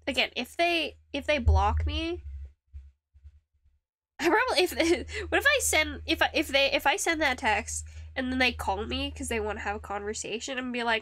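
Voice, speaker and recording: A young woman streamer chatting casually while she carves wood, rambling and laughing often, with a high-pitched voice. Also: expressive, normal speed, bright, forceful tone, dry recording. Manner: rambling, with restarts and frequent laughs. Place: home streaming setup.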